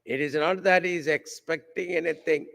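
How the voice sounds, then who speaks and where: A man giving a devotional sermon at a camp, speaking slowly and deliberately, asking his listeners rhetorical questions and using Sanskrit terms. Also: on the high side, steady tone, gravelly, a bit bright. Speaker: swami giving a spiritual discourse. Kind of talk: devotional sermon with a told story. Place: camp hall with a live audience.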